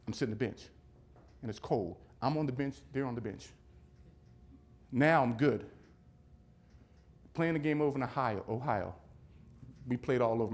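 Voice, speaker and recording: A man giving a keynote speech, telling a personal story in an animated, dramatic way and repeating key phrases for emphasis. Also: medium pitch. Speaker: keynote speaker. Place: event hall at a business summit.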